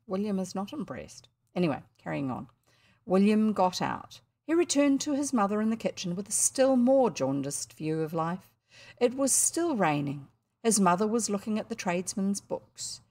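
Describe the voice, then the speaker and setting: Expressive New Zealand woman reading aloud. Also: mid-range voice. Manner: expressive, chatty asides to listeners. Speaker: audiobook reader. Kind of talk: storybook reading with asides.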